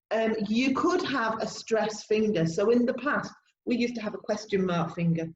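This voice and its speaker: A woman co-hosting a podcast, explaining classroom teaching ideas in a steady, encouraging way. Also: medium pitch. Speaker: podcast co-host, language teacher. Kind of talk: casual podcast discussion. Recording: echoey room, dull sound, faint noise.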